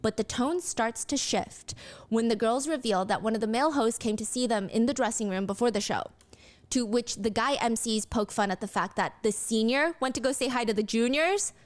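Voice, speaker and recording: Woman, storyteller narration, fairly high pitch, explains context, lively quoted voices. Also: normal speed. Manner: explains cultural context to viewers. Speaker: true crime storyteller.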